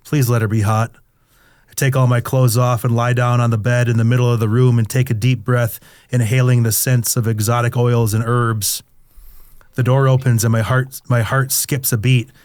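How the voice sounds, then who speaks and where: A man's voice: mid-range voice, level tone, normal speed, darkish tone, dry recording, clean studio sound. A middle-aged man reading his own memoir aloud in the first person, candid and crude in a confessional tone.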